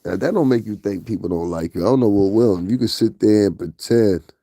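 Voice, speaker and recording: A man with a Northeastern US accent delivers casual gossip commentary in a blunt, profane way, talking straight to his viewers. His voice sits fairly low and mellow. The recording is close and dry, with no room sound. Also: brisk, dry recording. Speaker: commentary vlogger.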